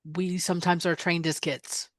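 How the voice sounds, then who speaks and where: Low-voiced woman caller, dry sound. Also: flat delivery, normal speed, dry recording. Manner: earnest and appreciative. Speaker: participant in the Q and A.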